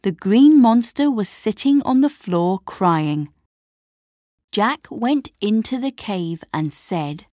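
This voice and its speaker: A woman narrating a story slowly and clearly for language learners. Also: medium pitch, no room sound, studio quality. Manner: clear, expressive, measured.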